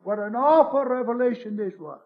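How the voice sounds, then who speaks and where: A man's voice: very high voice, fairly quick, narrow, tinny audio, faint music behind. A man preaching a sermon, earnest and emphatic, calling his listeners beloved.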